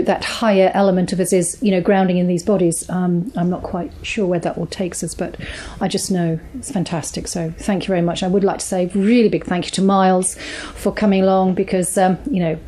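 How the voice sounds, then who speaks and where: A woman's voice: on the low side, fairly even intonation, brisk, few pauses, dark tone, a little hiss or hum. A British woman organising a small meeting, speaking in a rambling way with many fillers and earnest thanks.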